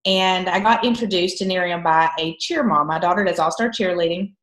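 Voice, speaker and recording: On a conference call training session, a woman guest trainer with a heavy eastern Kentucky Appalachian accent tells her story candidly and laughs often. Her voice is lowish and fairly bright, fairly quick, with roomy sound and poor audio quality.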